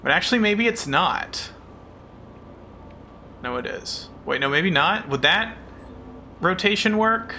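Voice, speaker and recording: A man's voice: high voice, lively intonation, slow pace, pauses often, pushed and bright, a little hiss or hum. A man streaming a puzzle game in casual chat, frustrated and self-mocking, who swears often and thanks viewers as he plays. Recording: game stream with music behind.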